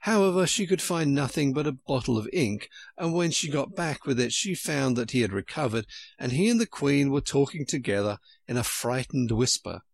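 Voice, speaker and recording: Gravelly, lively male storyteller. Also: mid-range voice, normal speed, no room sound. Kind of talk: storybook narration.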